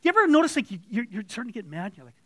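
Male lay preacher, very high pitch, plain-spoken and blunt, dry close recording. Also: big pitch swings, very fast, pushed and bright, no room sound. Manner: blunt, conversational, acting out quoted voices. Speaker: church elder preaching. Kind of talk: informal sermon. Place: church room with audience.

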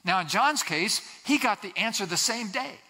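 An expressive pastor with a high-pitched, sharp voice gives a sermon at normal speed in a church sanctuary. Earnest in tone, he repeats key phrases for emphasis and sometimes performs quoted voices. The recording has long hall reverb.

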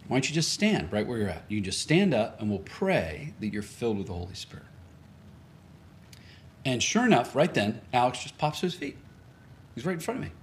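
Lively, animated storytelling male pastor. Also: mid-range voice, fairly quick, a little hiss or hum. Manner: conversational, restarts sentences, chuckles often. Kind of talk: storytelling sermon.

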